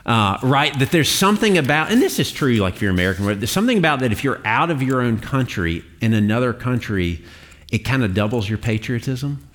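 A man's voice: mid-range voice, sing-song, a little fast, fairly bright tone. A man preaching a sermon in a conversational way, with fillers and the odd laugh. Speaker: pastor.

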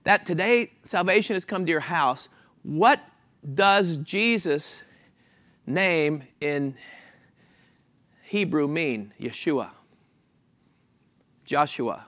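A man preaching a sermon, asking the congregation questions and answering them himself, with an animated, chuckling delivery. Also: fairly high pitch, takes it slowly, long pauses.

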